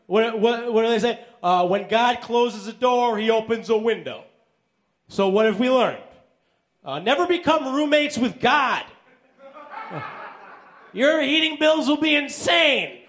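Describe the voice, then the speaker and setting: A man performing stand-up comedy, delivering deadpan one-liners on stage. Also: very high voice, unhurried, long pauses.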